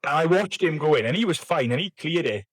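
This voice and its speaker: A man's voice: on the high side, animated, fairly quick, no room sound, low-quality recording. A young man, a podcast guest telling rambling, sweary, self-mocking stories. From Wales. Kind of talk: casual chat.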